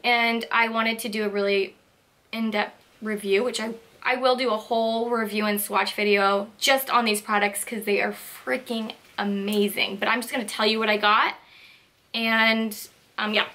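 A young woman beauty vlogger chatting casually through a makeup haul, gushing and excitable. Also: a little high, normal speed. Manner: gushing, excitable, lots of "like" and "so cute". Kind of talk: casual product haul chat.

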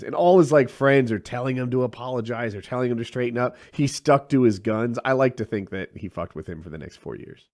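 A man co-hosting a casual podcast, telling an anecdote with frequent "uh" pauses. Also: medium pitch, darkish tone. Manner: anecdotal, trails off with "uh". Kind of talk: casual storytelling chat.

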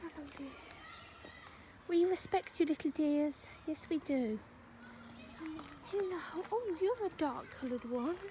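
A woman's voice: high voice, expressive, measured pace, long pauses, noisy background. A woman vlogging outdoors at a wildlife park, gushing and cooing at the animals in baby talk. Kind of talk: casual vlog commentary.

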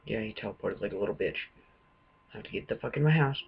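A man's voice: on the low side, expressive, fast talker, vocal fry, dull audio, slight background noise. A man giving jumpy, swearing running commentary while playing a video game. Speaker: gamer. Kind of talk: let's-play commentary.

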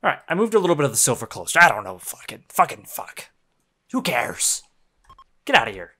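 A young streamer narrates his own game in a mid-range voice at a moderate pace, pausing often. He swears without restraint, laughs frequently, and gets easily worked up.

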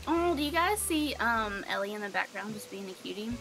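Slight background noise accompanies a young woman from Alabama chatting with her stream viewers during casual gameplay. Her Southern voice sits at medium pitch, expressive and brisk with a fairly bright tone, and she keeps reading chat aloud amid plenty of ums and likes.

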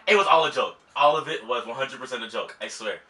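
A man's voice: medium pitch, fast, bright, forceful tone, soft background music. A young man filming a prank vlog at home, apologizing over and over and laughing nervously. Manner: apologetic, laughing, repeating himself. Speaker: prank vlogger. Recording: roomy home audio, mic at a distance.

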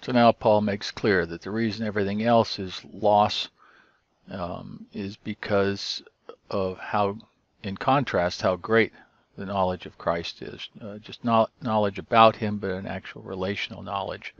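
Low-voiced man teaching, muffled audio. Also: steady tone, gravelly, no room sound. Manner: measured, explanatory, with frequent "uh" and "um". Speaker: Greek teacher. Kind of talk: explanatory lecture.

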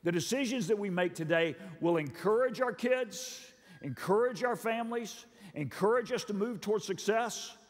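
A man's voice: high-pitched, lively intonation, normal speed, few pauses. A middle-aged male pastor preaching a sermon in a church hall, earnest and emphatic, repeating phrases for effect. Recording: long reverb of a large hall.

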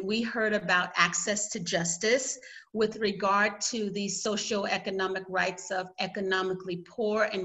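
A woman's voice: medium pitch, sharp tone, low-quality recording. A woman with a Southern US accent moderating an online conference session over a video call, giving friendly, orderly reminders. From United States.

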